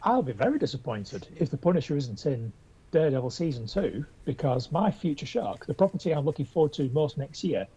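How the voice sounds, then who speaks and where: A man's voice: a little high, big pitch swings, fairly quick, mellow, slightly rough, lo-fi sound. A man co-hosting a casual pop culture podcast, speaking with enthusiasm but hesitating often. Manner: enthusiastic, hesitant, with many restarts. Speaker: podcast co-host.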